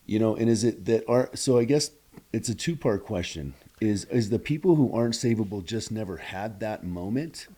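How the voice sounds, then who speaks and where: A man's voice: on the low side, expressive, normal speed, warm tone. A man hosting a podcast, asking long, rambling questions full of restarts in a casual interview chat. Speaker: podcast host.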